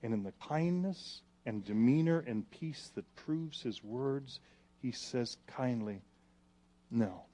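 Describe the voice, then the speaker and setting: A man preaching a sermon, reading scripture loudly and then dropping to hushed, pleading asides. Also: mid-range voice, slow pace. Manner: animated, swings from loud reading to hushed pleading. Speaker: pastor.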